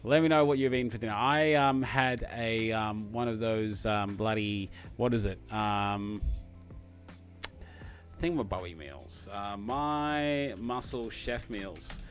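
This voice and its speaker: A man with an Australian accent chatting casually on a live stream, excitable and full of fillers. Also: lowish voice, takes it slowly, soft background music.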